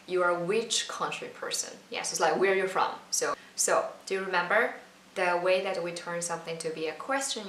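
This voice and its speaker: Casting: woman, patient language teacher, lowish voice, recorded a bit off-mic in a roomy space. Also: fairly bright tone. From China. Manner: patient, repeats words slowly for learners. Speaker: Mandarin teacher. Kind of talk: casual online lesson. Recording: roomy, slightly distant mic with faint noise.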